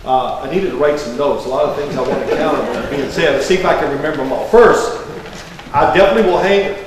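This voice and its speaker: A man in his sixties speaks with a Kentucky accent, rambling through folksy, joking stories as the guest of honor. He sits a bit high for a man, and he sounds distant from the mic. His voice rings through a large, echoey hall with a long reverb tail. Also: fast talker, a little hiss or hum. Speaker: guest of honor giving a speech. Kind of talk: public speech.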